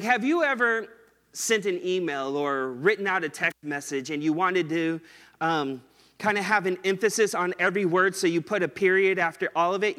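A man preaching a sermon in a casual, conversational way, slowing down and stretching words to stress them. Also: high voice, pushed and bright, big-room sound. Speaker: pastor.

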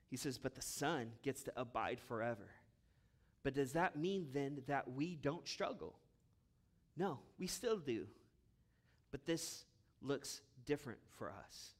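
A man preaching a sermon as a pastor, with impassioned delivery that swings between loud urgent bursts and hushed asides. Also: mid-range voice, animated, a little slow, long pauses.

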